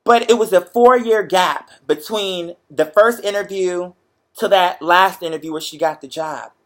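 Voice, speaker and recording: A young man hosting a show, chatting to viewers in a lively, profane, motivational storytelling way. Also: sits high, measured pace. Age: young adult. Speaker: show host. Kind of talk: casual livestream chat to viewers.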